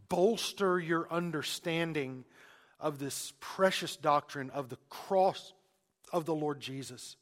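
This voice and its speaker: A man's voice: on the high side, measured pace, fairly bright tone. A man preaching a sermon as pastor, emphatic, repeating phrases and restarting mid-sentence.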